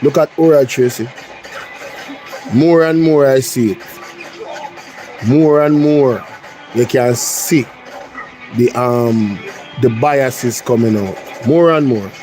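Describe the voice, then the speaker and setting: A man's voice: mid-range voice, takes it slowly, long pauses, dark tone, soft background music. A Jamaican man hosting a reaction show, switching between patois and English with blunt, incredulous remarks. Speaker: host. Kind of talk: reaction commentary.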